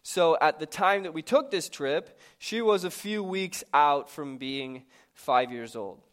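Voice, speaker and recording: A man in his thirties, a pastor, telling a personal story in a sermon in a lively, conversational, self-mocking way. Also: on the high side, a little slow.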